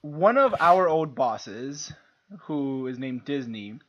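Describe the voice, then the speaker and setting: Casual podcast co-host, male, crisp bright tone, profane storyteller, slightly dull recording. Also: mid-range voice, lively intonation, slow. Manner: profane, laughs through his stories.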